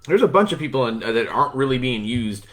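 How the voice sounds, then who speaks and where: A man's voice: medium pitch, sing-song, fast, fairly bright tone. A man co-hosting a wrestling podcast, talking bluntly and profanely in a rambling, casual way. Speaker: podcast co-host.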